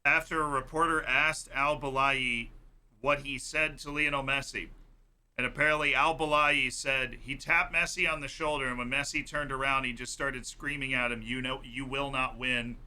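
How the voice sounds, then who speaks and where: A man hosting a live-stream watchalong, chatting casually about football in an excitable, jokey way. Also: medium pitch, normal speed, smooth.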